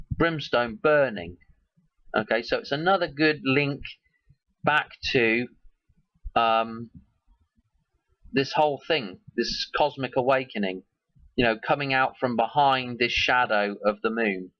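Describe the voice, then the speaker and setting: A man's voice: mid-range voice, fairly bright tone, no echo, dull audio. A man hosting his own video, talking casually and in a rambling way as he links one idea to the next. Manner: musing, loosely connects ideas. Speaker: video host.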